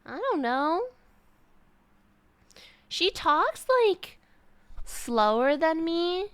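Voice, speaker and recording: High, lively-voiced young woman streamer. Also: clear, resonant tone, no echo. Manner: rambling, full of "like" and restarts. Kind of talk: casual chat with live chat.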